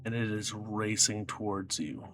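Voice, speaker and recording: A man running a tabletop sci-fi game as game master, narrating scenes in a steady, descriptive way. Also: fairly low pitch, a little slow, music in the background. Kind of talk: narrating a tabletop space adventure.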